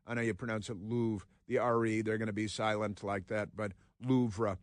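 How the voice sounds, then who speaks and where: A man's voice: fairly low pitch, little pitch movement, moderate pace, no room sound, clean studio sound. A man hosting a talk radio show, rambling sardonically between headlines he reads aloud.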